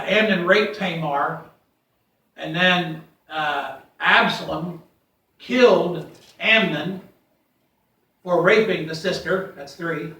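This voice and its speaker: A man preaching a sermon. He reads scripture aloud and swings from loud, rising readings to quiet asides. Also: a little high. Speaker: pastor. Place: church sanctuary. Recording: echoey church from far off.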